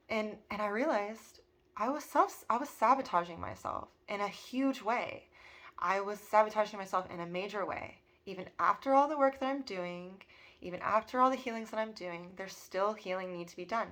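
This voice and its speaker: Bright-voiced earnest woman in her thirties. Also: mid-range voice, moderate pace. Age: 30s. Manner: earnest, emotional, many fillers. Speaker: spiritual vlogger. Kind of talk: personal reflective monologue.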